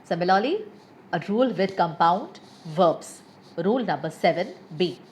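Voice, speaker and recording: A woman's voice: lowish voice, expressive, normal speed, a little mellow, a little hiss or hum. A woman teaching English pronunciation, reading word lists one by one with careful stress. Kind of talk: scripted pronunciation lesson.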